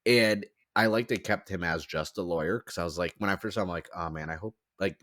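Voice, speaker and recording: A man's voice: low voice, brisk, fairly bright tone, dry recording, studio quality. A man hosting a podcast in casual chat, rambling with lots of "like" fillers. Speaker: podcast host.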